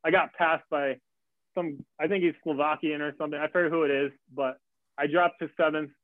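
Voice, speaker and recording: A man telling a race story in casual chat, acting out quotes with lively jumps in his voice. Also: a little fast, dry recording. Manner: animated, acts out quotes with big pitch jumps. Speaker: guest athlete. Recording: tinny phone-like line.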